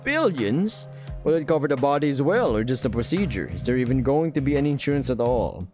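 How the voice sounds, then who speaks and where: A man with a mid-pitched voice reads the story text of a game aloud, now and then dropping a dry joke of his own. Soft music plays quietly behind him. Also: lively intonation, quick pace. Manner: dry joking asides between narration. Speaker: game streamer reading a visual novel aloud. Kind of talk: reading game narration aloud with casual asides.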